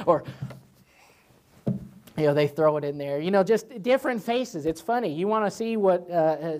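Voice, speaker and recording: A man, a pastor, teaching a church Bible study in a loose, conversational way, with many fillers and restarts and lively acted asides. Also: on the high side. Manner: animated, voices God and himself in asides.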